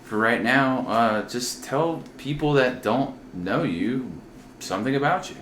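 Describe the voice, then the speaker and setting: A man's voice: medium pitch, animated, measured pace, a bit bright, echoey room, slight background noise. A man hosting a comedy podcast from a friend's house, chatting casually and joking, with many fillers and restarts. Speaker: podcast host.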